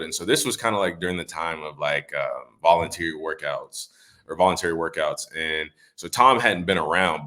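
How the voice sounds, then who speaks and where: A young man in his twenties, a former football player, casually telling stories on a podcast, rambling with many fillers. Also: low-pitched. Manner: relaxed, rambling with many "like" fillers, acts out quotes. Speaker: guest, former running back.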